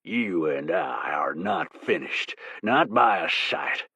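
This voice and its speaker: A man voicing a drunk, belligerent bullwhacker who slurs and growls slowly. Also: low-pitched, expressive, bright, forceful tone, slightly rough, no echo, dull audio, pitched below the performer's own voice, full character voice. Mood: snarling. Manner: slow, slurred, snarling.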